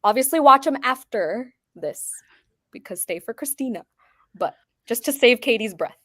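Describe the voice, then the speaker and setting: A woman chatting on a video call in a relaxed, teasing way, swearing casually. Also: on the high side, normal speed, no room sound. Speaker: booktube host. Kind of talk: casual chat.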